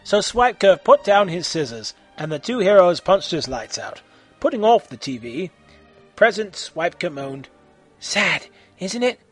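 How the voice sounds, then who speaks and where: Brief: male storyteller, husky, high, lively delivery. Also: normal speed, faint music behind. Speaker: narrator. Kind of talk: amateur audio story narration.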